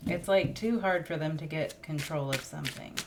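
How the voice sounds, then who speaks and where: Give me a deep-voiced woman reading tarot, thinking aloud and emotional, over clear background noise. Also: normal speed. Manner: musing, emotional, thinks aloud while drawing cards. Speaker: tarot reader. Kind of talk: casual tarot reading monologue.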